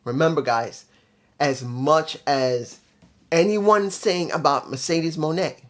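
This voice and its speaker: A man's voice: on the high side, slow pace, fairly bright tone. A man hosting his own channel, giving a casual spoken review in a blunt, emphatic way with dry sarcasm, often repeating his points. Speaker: show reviewer, channel host.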